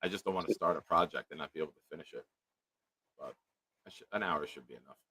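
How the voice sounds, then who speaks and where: A man's voice: a bass voice, fast talker, sharp tone, slightly rough. A man hosting a casual live-stream chat, joking around and reading viewer comments aloud. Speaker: show host.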